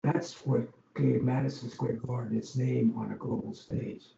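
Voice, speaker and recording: Speaking at a normal pace in a level, warm tone, an older Long Island, New York man with a medium-pitched, fry-tinged voice recalls his days as an arena executive. He's an interview guest whose rambling stories keep restarting amid ums. The recording is roomy, dull podcast audio with a bit of noise.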